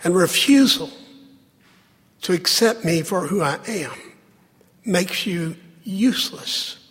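A man preaching a sermon, with dramatic pauses and lines that drop to a hush. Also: sits high, breathy edge. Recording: long hall reverb.

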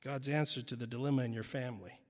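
A man's voice: mid-range voice, steady tone, fast talker. A male preacher giving an emphatic sermon, driving points home by repetition and adding wry asides. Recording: long reverb in a large hall.

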